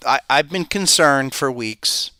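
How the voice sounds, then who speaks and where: A man hosts a live market commentary show with a bright, forceful tone and a smooth, crisp voice. He thinks aloud, casual and conversational, and tosses out rhetorical questions. The sound is dry and close, with no room echo. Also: medium pitch, animated, unhurried. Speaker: podcast host and market analyst.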